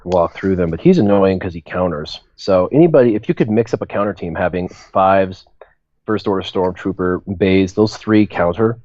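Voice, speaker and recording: A man's voice: low-pitched, darkish tone, no echo. A man on a live stream explaining game strategy in a casual, rambling way. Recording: dry, dull lo-fi mic.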